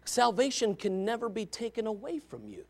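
A Baptist pastor preaching a fervent sermon, swinging between quiet asides and shouts. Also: male voice, high voice, very animated, normal speed.

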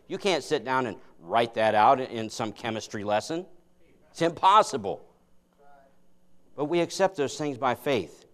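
A man preaching a sermon in a church. He moves from folksy, conversational storytelling into earnest preaching and prayer. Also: medium pitch. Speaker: guest preacher. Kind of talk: sermon with folksy joke-telling.

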